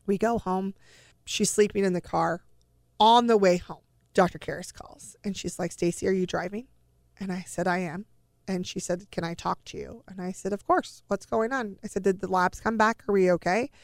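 A middle-aged woman tells a personal family story, slipping into the voices of the people she quotes. Her voice has a gravelly, fry-edged texture at an ordinary pitch. The sound is dry and close, with no room echo. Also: steady tone, normal speed. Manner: emotional retelling with acted-out quoted dialogue.

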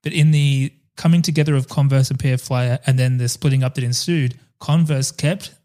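A man's voice: mid-range voice, steady tone, fairly quick, dark tone. A man co-hosting a podcast, chatty and jokey, swearing and laughing often. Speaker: podcast co-host. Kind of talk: casual chat.

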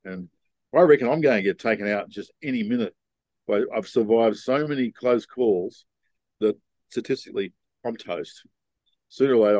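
A man's voice: on the low side, darkish tone, dry recording. An older man, a podcast guest telling stories in a frank, rambling way with many ums and restarts. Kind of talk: casual storytelling conversation.

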